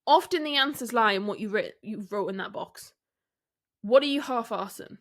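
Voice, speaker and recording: A fairly high-pitched woman talks straight to her listeners as a business coach. Her delivery is candid and direct, full of rhetorical questions and light laughs. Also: lively intonation, moderate pace, fairly bright tone. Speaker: podcast host and business coach. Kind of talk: solo podcast coaching talk.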